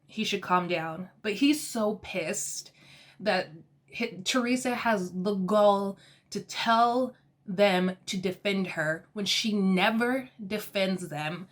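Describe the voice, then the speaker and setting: A woman giving a casual, animated recap of a reality show episode, exasperated and often laughing. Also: mid-range voice, slow.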